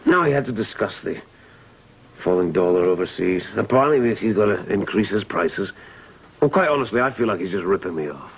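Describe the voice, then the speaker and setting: An actor playing a secretive husband and club owner in a 1980s soap opera, defensive and placating. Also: male voice, fairly low pitch, lively intonation, brisk, slightly rough, poor audio. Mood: evasive. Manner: defensive, placating, soothing apologies.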